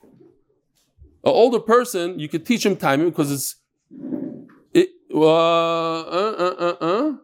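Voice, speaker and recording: A man's voice: a little high, measured pace, smooth. A man, teaching a Talmud class and telling stories with Hebrew and Yiddish terms.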